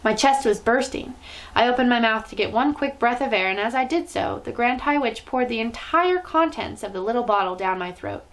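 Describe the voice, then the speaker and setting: A woman reading a children's novel aloud with expressive, dramatic storytelling. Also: on the high side, brisk, low-quality recording.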